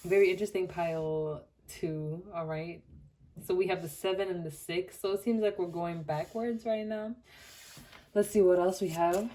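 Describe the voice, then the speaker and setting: Young woman from Botswana, low mellow tone, animated casual tarot reader. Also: normal speed, a little hiss or hum. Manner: chatty and animated, many "like" fillers, laughs often. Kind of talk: casual pick-a-card tarot reading.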